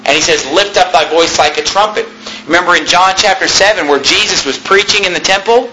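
A man preaching a sermon as the pastor, raising his voice and shouting as he preaches. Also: a little high, roomy sound, background noise.

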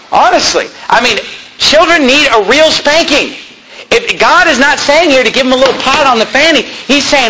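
A middle-aged man delivers an emphatic sermon in a high, bright, sharp voice. His pitch leaps around animatedly as he presses his points and turns to the congregation with quick asides. A faint hiss sits under the recording. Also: animated, poor audio. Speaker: pastor.

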